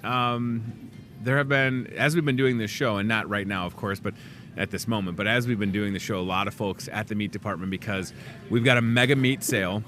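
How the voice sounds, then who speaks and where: A man's voice: a little fast, soft background music. Chatty, joking male store-show host. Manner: chatty, joking asides, lively swings in pitch. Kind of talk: casual promo chat. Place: grocery store.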